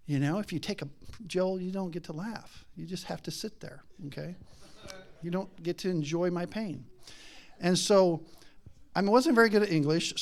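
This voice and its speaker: A middle-aged man preaching a casual sermon, chatty and rambling, laughing often and acting out voices in his stories. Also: sits high. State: has a daughter.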